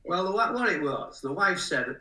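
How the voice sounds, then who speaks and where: A man's voice: a little high, big pitch swings, normal speed, sharp tone. A man in his sixties, a musician guest, rambling through funny anecdotes and laughing at his own tales. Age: 60s. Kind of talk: casual anecdote telling. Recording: roomy sound from a distant mic.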